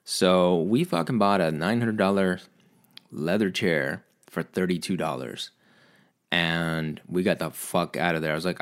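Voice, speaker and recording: A man's voice: low voice, a little slow. A man telling a casual, rambling story as a vlogger, swearing a lot and poking fun at himself. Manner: rambling, heavy swearing, self-mocking.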